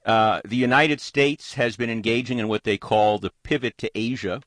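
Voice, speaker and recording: A man hosting a talk radio show, giving measured, plain-spoken commentary and taking calls. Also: medium pitch, fairly bright tone, no echo, studio quality.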